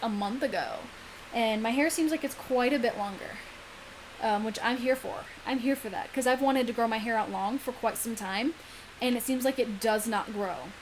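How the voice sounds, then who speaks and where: A woman's voice: fairly high pitch, a little hiss or hum, low-quality recording. A young woman chatting casually in a vlog, full of ums and likes. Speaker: vlogger. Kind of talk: casual pregnancy vlog chat.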